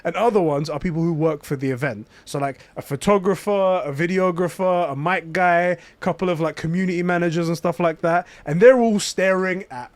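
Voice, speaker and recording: Guy on a podcast telling a story, fairly high voice, dry close mic, keeps doing the other people's voices. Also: brisk, few pauses, no room sound. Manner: animated, acts out quoted voices. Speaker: podcast co-host. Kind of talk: casual storytelling chat.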